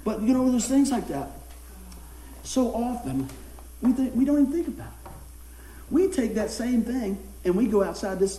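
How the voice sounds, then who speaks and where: A man's voice: high-pitched, warm tone, echoey room. A man preaching a sermon in a folksy way, telling a funny personal story and laughing as he goes.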